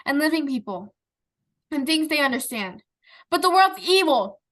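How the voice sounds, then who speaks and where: A grieving young wife, bright and high-voiced, hurls her anguish in impassioned, accusing bursts, as a woman reads her part aloud. The grief is raw and bitter throughout. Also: big pitch swings, normal speed. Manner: impassioned, rising into anguished outbursts.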